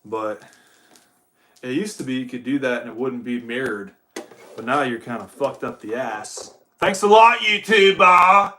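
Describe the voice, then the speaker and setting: A man's voice: mid-range voice, fairly even intonation, moderate pace, pauses often, slight background noise. A young man from Ohio chatting casually and profanely to his livestream viewers while setting up gear. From Ohio, United States. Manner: rambling, profane, addresses viewers as dude. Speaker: livestream host.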